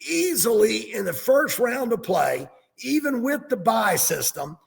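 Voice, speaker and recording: Gravelly, animated man ranting about football. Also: very high voice, measured pace, in a large hall. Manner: ranting, sarcastic. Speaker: sports talk co-host. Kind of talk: casual sports talk.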